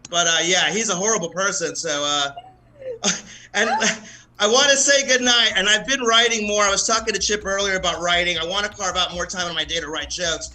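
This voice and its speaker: A man from the American South works through a stand-up set at an open mic, casual and profane, often laughing at his own lines. His voice sits high and sounds sharply bright. A faint hiss runs under the recording. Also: fairly quick, poor audio. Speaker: stand-up comedian.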